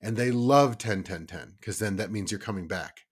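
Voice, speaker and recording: A man with a fairly low voice co-hosts a relaxed parenting podcast. He talks in casual chat and tells stories with energy. He swears now and then without thinking about it. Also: normal speed, husky. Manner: lively storyteller, acts out kids' voices, swears casually.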